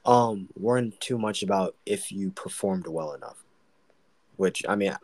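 A man's voice: deep voice, unhurried, darkish tone, dry recording. A man co-hosting a casual faith podcast, rambling and full of "like" and "um". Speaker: podcast co-host.

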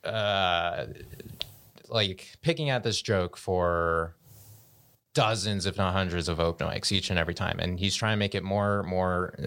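A man's voice: low voice, measured pace, fairly bright tone. A young man, a stand-up comedian on a podcast, telling stories in a laid-back way, laughing often and restarting his sentences. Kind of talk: casual podcast chat.

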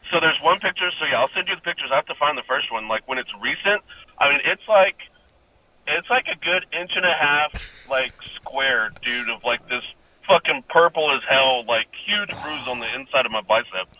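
A young man calls in and tells his story in a loose, rambling way, full of filler words and swearing. His voice is unusually bright and comes through a muffled, dull line with a faint hiss behind it. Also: medium pitch, lively intonation, normal speed. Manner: rambling, profane, laughs often. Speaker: caller. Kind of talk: casual storytelling.

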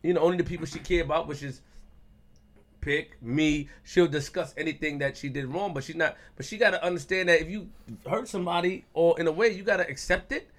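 30 yr old guy hosting a podcast, loud teasing trash talk, fast and kinda high. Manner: brash, profane, teasing. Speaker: podcast host. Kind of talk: casual chat.

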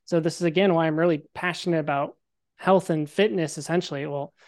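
Young dude on a podcast telling his story, animated, cusses a lot, does the voices. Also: fairly high pitch, fairly quick. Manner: animated, swears freely, acts out quotes. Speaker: podcast guest. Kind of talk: casual storytelling interview.

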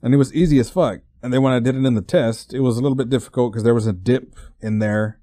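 A man's voice: medium pitch, fast, warm tone, dry recording, clean studio sound. A man in his twenties from Texas, hosting a podcast and telling a rambling, profanity-laced story with lots of stumbling restarts. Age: 20s. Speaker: podcast host.

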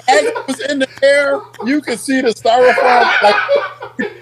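A middle-aged man with a high voice spins an Army tale in relaxed chat. He swears freely and talks with animated energy. He breaks into laughter as he tells it. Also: takes it slowly, heavy background noise. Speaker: guest, Army veteran. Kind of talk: casual storytelling.

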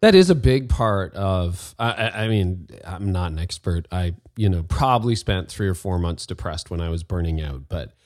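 A man hosting a podcast interview, speaking softly and reflectively as he gently draws out his guest's story. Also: low voice, animated, normal speed, few pauses, no room sound. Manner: soft, reflective, gently prompting. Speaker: podcast host. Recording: dry close studio sound.

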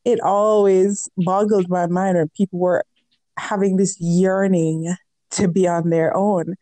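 A woman with a warm, mellow voice co-hosts a casual podcast. She talks in an animated, rambling way and laughs often. The sound is dry and close. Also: on the low side, measured pace, dry recording. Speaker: podcast co-host.

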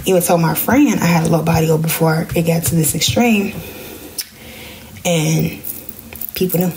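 A young woman, telling a personal story in a casual podcast vlog and jumping into high voices when she quotes people. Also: moderate pace, a little mellow, a little hiss or hum. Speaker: podcast host.

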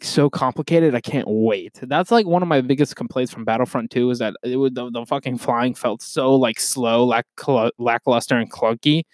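Excitable, swearing young man ranting. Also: mid-range voice, no echo. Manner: excitable, profane, loud outbursts. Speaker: podcast host. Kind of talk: casual solo rant.

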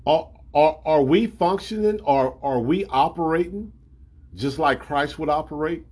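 A man's voice: on the high side, a little slow, darkish tone, slightly rough. A man preaching a sermon in a colloquial, emphatic way, acting out scripture.

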